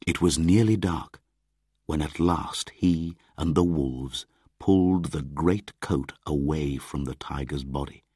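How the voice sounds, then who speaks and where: A man reading a storybook aloud as the narrator, in a measured, deliberate way. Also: extremely low pitch, warm tone, slightly rough, dry recording, studio quality.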